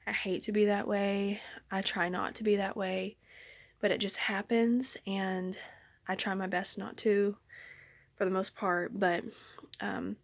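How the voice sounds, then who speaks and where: A young woman's mid-range voice comes across flat, measured and creaky with no echo as she vlogs a casual pregnancy update from her bedroom. Filming on a phone held at arm's length, she's slightly out of breath and rambles apologetically, filling gaps with ums.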